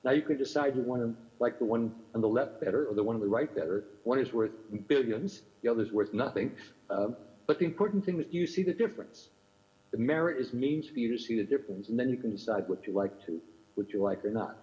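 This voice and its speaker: An older man delivers a keynote academic lecture in a thoughtful way, repeatedly posing rhetorical questions to an audience in another time zone. His voice is medium-pitched and warm, and he speaks at a quick pace. The recording is muffled and lo-fi.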